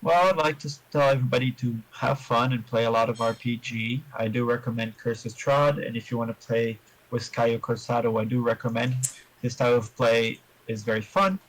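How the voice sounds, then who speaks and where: A man answering interview questions about his tabletop game in a measured, explanatory way, giving advice to other players. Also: mid-range voice, fairly even intonation, low-quality recording.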